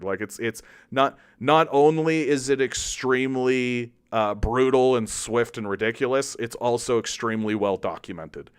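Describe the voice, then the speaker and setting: A Canadian show host's heated political monologue comes out at a measured pace with few pauses, in a clear, resonant voice. He is angry and profane, restarts and repeats himself often, and sarcastically mocks opponents with exaggerated high voices.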